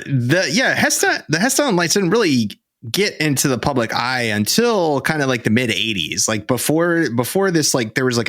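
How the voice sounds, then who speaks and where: A man's voice: medium pitch, a bit bright, no room sound. Regular guy podcasting, lots of likes and uhs, dry close sound. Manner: rambling, many fillers like "like" and "uh". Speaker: podcast co-host. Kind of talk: casual chat.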